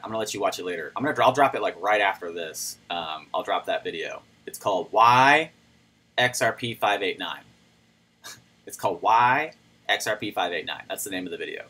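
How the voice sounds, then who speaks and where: A man's voice: deep voice, expressive, moderate pace, bright, forceful tone, low-quality recording. A man hosting a casual livestream, chatting loosely and greeting viewers by name as he reads their comments. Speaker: crypto livestream host.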